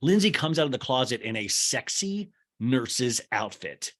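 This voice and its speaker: A man's voice: medium pitch, measured pace. A man hosting a podcast, recapping reality TV in comedic, joking chat and putting on voices now and then. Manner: animated, joking, slips into voices for the people he describes. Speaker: podcast host.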